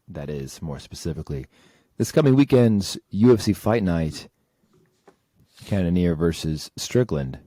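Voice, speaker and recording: A man hosting a podcast, introducing fights and reading fighter stats in a measured way. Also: on the low side, mellow, no room sound. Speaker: podcast host. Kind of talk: casual show segment host.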